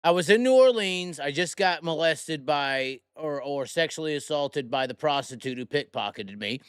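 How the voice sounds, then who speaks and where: A man's voice: fairly high pitch, lively intonation, moderate pace, clear, resonant tone, no room sound, clean studio sound. A man hosting a podcast, telling a rambling, profane and heated story in casual talk. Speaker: host.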